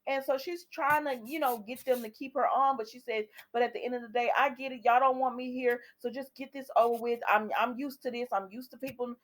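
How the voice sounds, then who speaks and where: A woman's voice: fairly high pitch, fairly even intonation, a little fast, few pauses. A woman recapping a soap opera episode for her viewers in a chatty way, retelling the scenes and quoting what the characters say. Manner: talks directly to viewers.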